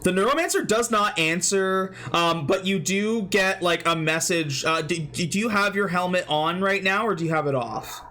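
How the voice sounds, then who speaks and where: A man narrating as game master of a tabletop role-playing game, hesitant with many pauses. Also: high-pitched, bright, forceful tone. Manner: hesitant, many fillers and restarts.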